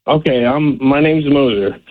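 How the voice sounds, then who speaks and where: A man calling in to a radio show on speakerphone, apologetic and halting. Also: medium pitch, no room sound. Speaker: caller. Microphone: phone on speakerphone. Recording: tinny speakerphone line.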